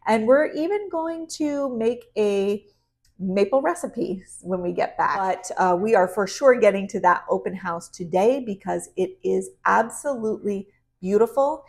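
A woman's voice: mid-range voice, expressive, measured pace, a little mellow. Chatty, upbeat woman vlog host. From Vermont. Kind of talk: casual talk to camera.

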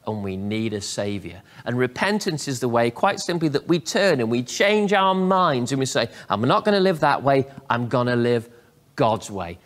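A man, a pastor preaching a sermon. He acts out quoted prayers and dialogue with lively swings in delivery. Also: mid-range voice.

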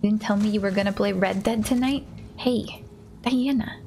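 A woman's voice: medium pitch, moderate pace, a little mellow, a little hiss or hum. A woman streamer giving casual commentary on her game and chatting with viewers. She often drops into a whisper while sneaking. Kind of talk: casual let's-play commentary.

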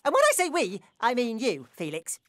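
A woman voicing a bossy, excitable young male squirrel in a cartoon. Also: a little high. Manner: bossy, quick, exclaiming. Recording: cartoon with music behind.

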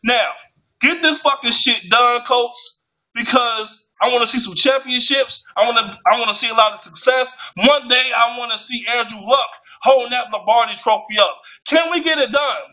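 A man with a very high, piercing voice vents in a furious, curse-filled fan rant, tripping over his words as he gets worked up. The sound is dull and lo-fi. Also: moderate pace, bright, forceful tone. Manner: heated, swearing, stumbles over words when worked up. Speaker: sports fan vlogger. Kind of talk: angry profane rant to camera. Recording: muffled lo-fi recording.

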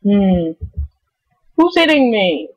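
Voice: medium pitch, very animated, breathy edge, dry recording. A gamer giving anxious, playful commentary over gameplay. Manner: anxious, pleading and playful, drawn-out slow talk. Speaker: gamer recording a let's play. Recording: dry lo-fi home recording.

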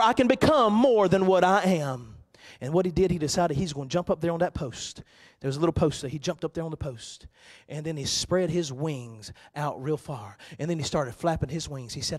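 A man preaching a sermon in a church, moving from quiet storytelling to loud, sung-out preaching. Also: a little high, quick pace. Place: church sanctuary.

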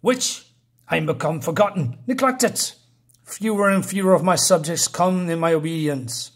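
A man's voice: a little high, steady tone, normal speed, natural voice. A man voicing a bitter, neglected scorpion queen in a comic recap, grandiose and aggrieved.

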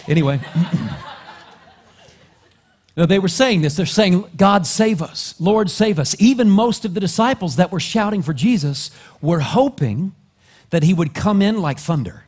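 A male pastor preaching a sermon, dropping to soft, low asides and then climbing into loud, rising exhortation. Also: slightly rough. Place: church sanctuary.

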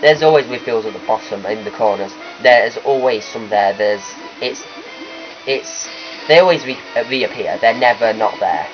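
With a fairly low pitch and moderate pace, a man provides gameplay commentary for a let's play he hosts, rambling chattily and repeatedly correcting himself. Faint game music plays under the lo-fi capture.

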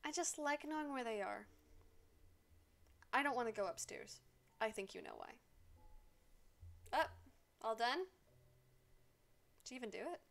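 Sarcastic woman streamer, higher voice. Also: expressive, a little slow, vocal fry, pauses often, a bit bright. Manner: sarcastic, swears freely, scolds game characters aloud. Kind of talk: casual commentary while playing a life-sim game.

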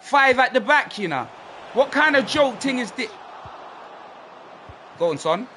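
A young man, commentating on his own football video game with excitable shouts and lots of slang. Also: extremely high pitch, unhurried, a little hiss or hum. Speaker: gaming streamer.

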